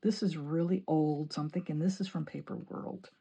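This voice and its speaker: A woman from Illinois chatting excitedly while decorating her planner, laughing often. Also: low voice, moderate pace, creaky, a little hiss or hum. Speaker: planning vlogger. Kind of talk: chatty crafting vlog.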